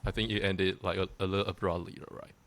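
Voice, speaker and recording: Brief: male interviewer, very low voice, relaxed short reactions and simple questions. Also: quick pace. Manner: short reactions, easy questions, laughs along. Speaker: interviewer, channel host. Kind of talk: casual interview.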